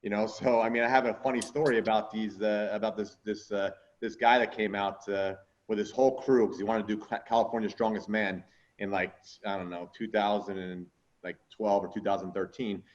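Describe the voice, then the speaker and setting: A man's voice: on the low side, fairly even intonation, fairly quick. A man hosting a podcast in casual chat, rambling with lots of fillers and swearing freely. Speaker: podcast host and strongman coach. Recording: dull lo-fi sound.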